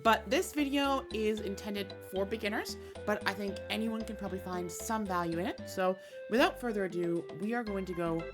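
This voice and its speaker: A woman's voice: mid-range voice, moderate pace, music in the background. Woman with a cold explaining a game. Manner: explanatory, slightly self-amused. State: sick with a cold. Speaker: randomizer dev team member explaining hints. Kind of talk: tutorial voice-over.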